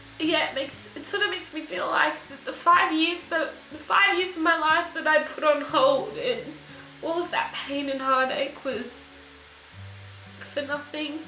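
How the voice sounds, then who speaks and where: A young woman recording a personal video diary, speaking in an emotional, halting way while tearful. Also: high-pitched, bright, forceful tone. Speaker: vlogger. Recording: echoey room with faint music.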